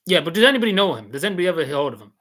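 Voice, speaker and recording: A man's voice: high voice, sing-song, rapid-fire, fairly bright tone. Rambling man vlogging. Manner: rambling, repeats himself, many fillers. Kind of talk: casual recap of an event.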